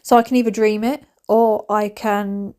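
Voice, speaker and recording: A woman's voice: mid-range voice, flat delivery, moderate pace, darkish tone, smooth. A woman, chatting animatedly in a home cleaning vlog, dropping to whispers and rising to squeals. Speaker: vlogger. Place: family home.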